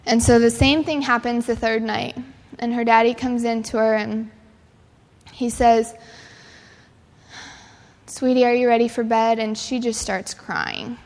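A woman's voice: fairly high pitch, steady tone, measured pace. A young adult woman giving a sermon-style talk, telling stories earnestly with casual fillers. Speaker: speaker. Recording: long hall reverb.

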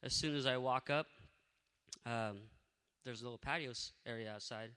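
A man telling a faith testimony in a lively, casual way, acting out what people said. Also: medium pitch, moderate pace, clear, resonant tone, big-room sound. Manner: energetic, animated storyteller who acts out what people said. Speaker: speaker sharing a faith testimony.

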